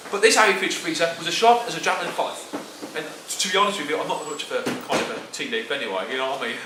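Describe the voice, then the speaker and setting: A man's voice: high voice, reverberant, a little hiss or hum. A man with a Cockney accent telling a comic story in rhyming slang, chatty and peppered with "right" and "mate". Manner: chatty, full of "right" and "mate", jumps up into excited squawks.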